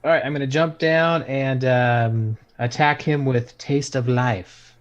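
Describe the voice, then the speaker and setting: A man playing a tabletop game, describing his character's moves in a relaxed, casual way. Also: mid-range voice, unhurried, highs cut off. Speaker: player.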